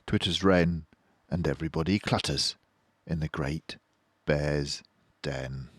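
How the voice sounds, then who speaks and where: An older man reading a children's picture book aloud in a lively, rhythmic storyteller's way. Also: a bass voice, measured pace, dry recording, studio quality. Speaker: storybook reader.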